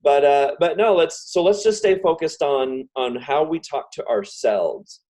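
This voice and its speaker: A man giving a casual self-help talk on a video call. He talks fast and repeats example phrases over and over. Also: fairly high pitch, a little mellow. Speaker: guest speaker.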